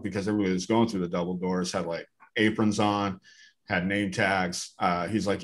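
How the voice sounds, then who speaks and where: Low-voiced male stand-up comic. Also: brisk. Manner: deadpan storytelling, acts out characters. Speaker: stand-up comedian. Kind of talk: stand-up storytelling. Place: comedy club stage.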